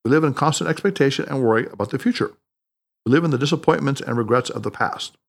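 A man reading the lines of a wise, playful male mentor in an audiobook, teasing and gently insistent. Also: mid-range voice, fast talker, vocal fry.

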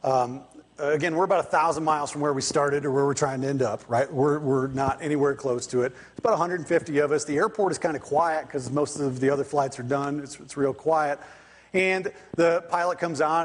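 Husky slightly high guy preaching, chatty storytelling, church echo. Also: a little fast. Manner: conversational, animated storytelling with quoted voices. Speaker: pastor. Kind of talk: sermon with storytelling. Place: church sanctuary. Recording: long church reverb.

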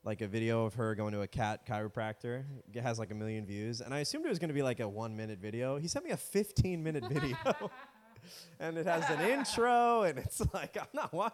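A man's voice: medium pitch, lively intonation, fast, few pauses, darkish tone. A man co-hosting a casual comedy history podcast, joking around and slipping into silly voices. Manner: jokey, slips into silly put-on voices. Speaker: podcast co-host. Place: home studio with a cat.

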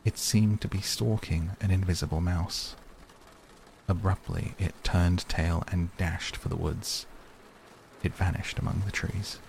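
Deep, gravelly, slow-reading man. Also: fairly even intonation, a little mellow, a little hiss or hum. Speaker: audiobook narrator. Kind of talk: scripted narration.

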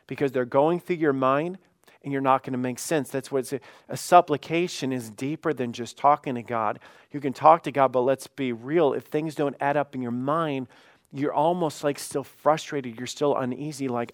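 A man's voice: mid-range voice, normal speed, no room sound, clean studio sound. A man preaching as lead pastor, talking conversationally and acting out honest prayers and everyday dialogue with rising emphasis. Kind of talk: sermon.

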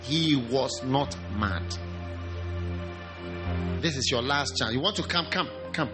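A man's voice: mid-range voice, slow, over music. A man preaching an altar call, pleading and repeating short calls, leading a prayer line by line.

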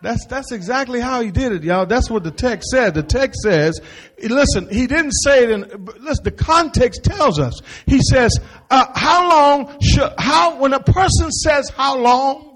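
A male pastor preaching in a high, husky voice that leaps all over the place. He speaks in a folksy way, calling out to the congregation and acting out the voices of the people he quotes. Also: normal speed. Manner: animated preaching with folksy asides and call-and-response. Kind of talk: sermon.

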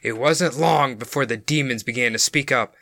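A man's voice: mid-range voice, moderate pace, vocal fry, pushed and bright, no room sound, clean studio sound. A man hosting a podcast, narrating a case in a casual, amused way. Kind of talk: storytelling narration.

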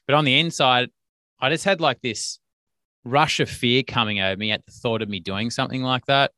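A podcast host and business coach tells a rambling business story in a casual monologue, packed with fillers and restarts. His medium-pitched voice is sharp and fairly quick, captured in a dry recording.

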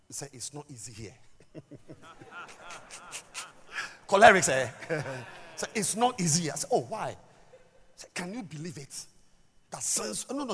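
A man's voice: a little high, slight background noise. Emphatic stammering male pastor preaching. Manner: emphatic, stammering, swings from loud to soft. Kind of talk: sermon. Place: church hall. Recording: reverberant church hall with music.

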